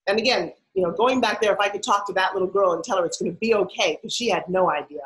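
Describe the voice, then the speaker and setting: A middle-aged New York woman, a podcast guest, tells her life story in a storytelling interview, hitting points with punchy emphasis. Her voice sits at medium pitch and moves fast, though the audio quality is poor.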